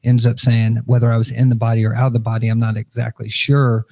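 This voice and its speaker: A man hosts a livestream interview with an easy, upbeat manner. His tone is mellow and dark, heard close and dry. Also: mid-range voice, little pitch movement, fast, no echo. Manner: friendly, upbeat, laughs often. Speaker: host, pastor. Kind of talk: casual interview chat.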